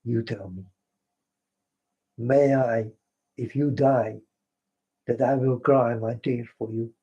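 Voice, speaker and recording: A man's voice: medium pitch, fairly even intonation, slow pace, mellow, slightly rough. A man whose first language is Dutch, speaking in an earnest, repetitive monologue and often addressing listeners as folks. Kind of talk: impassioned spoken monologue. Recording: dull lo-fi recording.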